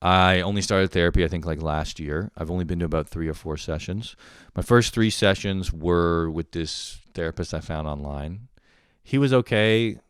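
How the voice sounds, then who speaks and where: A man's voice: low-pitched, moderate pace, clear, resonant tone, no echo, studio quality. A young man from Canada hosting a podcast, telling stories in a rambling, profane, casual monologue and laughing often. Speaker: podcast host.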